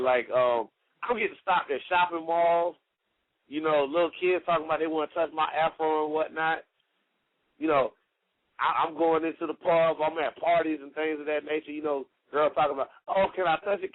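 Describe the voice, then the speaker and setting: A man's voice: on the high side, steady tone, normal speed, no room sound. Chatty man over a tinny phone line. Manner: rambling, heavy on "you know" and "like". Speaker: pro wrestler guest. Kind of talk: casual storytelling.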